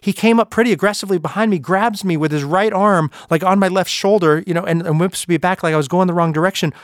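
A man hosting a podcast, telling anecdotes in a lively, animated way before moving into his sign-off. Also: high-pitched, fast talker, no echo, clean studio sound. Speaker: podcast host. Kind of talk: anecdotal storytelling talk.

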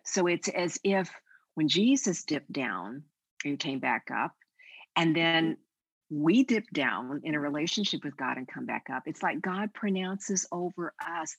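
An older woman guest speaking on a faith podcast, telling stories in an animated, expressive way. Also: deep voice, unhurried, breathy edge, no room sound, poor audio. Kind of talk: conversational podcast interview.

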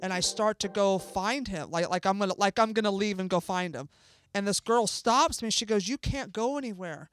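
A woman being interviewed as a guest, telling an emotional story in an animated way and acting out what people said. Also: medium pitch, moderate pace, no room sound. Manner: animated, acts out dialogue, swears freely. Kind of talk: emotional first-person storytelling.

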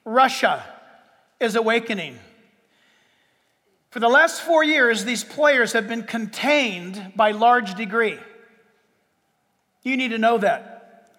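A male pastor delivers an emphatic sermon with a very high voice. He stretches out key words with dramatic pauses. His voice rings with the long reverb of a large church hall. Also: pushed and bright.

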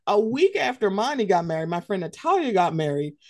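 A woman co-hosting a podcast in casual chat, animated and quick to act out quoted voices. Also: mid-range voice. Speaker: podcast co-host.

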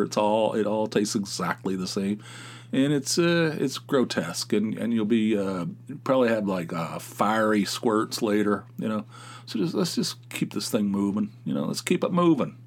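A middle-aged man hosting a casual podcast, ranting in an animated way with his voice jumping up when he gets worked up. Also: lowish voice, normal speed. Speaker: podcast host. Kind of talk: casual solo podcast monologue, responding to callers.

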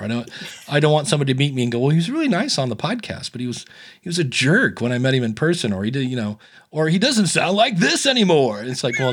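A man's voice: medium pitch, slightly rough. A man from Ohio, a podcast guest with a resonant radio-style voice, chatting and telling stories, acting out quoted lines. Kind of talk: casual interview storytelling.

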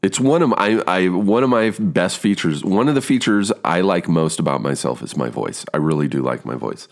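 A man in his fifties with a rich baritone voice, rambling casually as a podcast host, swearing and poking fun at himself. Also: lively intonation, moderate pace, hardly any pauses. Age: 50s. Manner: rambling, swearing, self-deprecating. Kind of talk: casual monologue.

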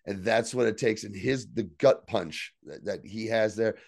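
A man's voice: on the low side, moderate pace, creaky, darkish tone, no room sound, studio quality. A man co-hosting a casual podcast, recapping a show in a loose, profane way. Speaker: podcast co-host.

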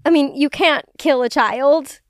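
A young woman co-hosting a casual chat podcast, playful and quick to joke, laughing often. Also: high-pitched, dry recording, studio quality. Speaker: podcast co-host.

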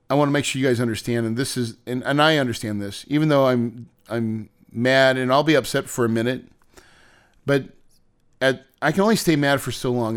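A man's voice: mid-range voice, clear, resonant tone. A man hosting a podcast, venting and swearing in a candid monologue, laughing it off between complaints. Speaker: podcast host.

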